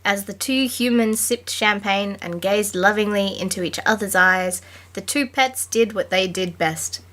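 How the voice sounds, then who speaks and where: A woman's voice: mid-range voice, measured pace, a bit bright. Woman reading aloud in a plain voice. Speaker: podcast guest co-host. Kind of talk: reading a book aloud, casual chat.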